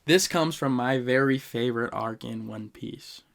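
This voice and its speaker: A man hosting a podcast, giving an animated, slangy ranking of favorite moments and talking straight to the listeners. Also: medium pitch, unhurried, creaky. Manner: animated storytelling, swings loud and soft; slangy, addresses listeners directly. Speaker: podcast host. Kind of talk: casual fan ranking talk.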